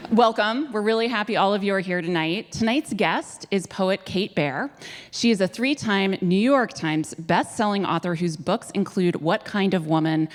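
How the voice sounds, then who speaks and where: A woman's voice: mid-range voice, moderate pace. A woman hosting a live onstage interview in front of an audience, chatty and upbeat. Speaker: guest host. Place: theater stage before an audience. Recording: long hall reverb.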